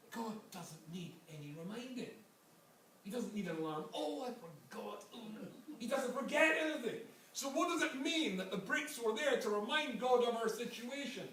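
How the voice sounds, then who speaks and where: A man's voice: high-pitched, fairly bright tone. A man with an English accent, a rabbi giving a Torah lecture full of stories and joking asides. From England. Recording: very echoey hall, from far off, faint noise.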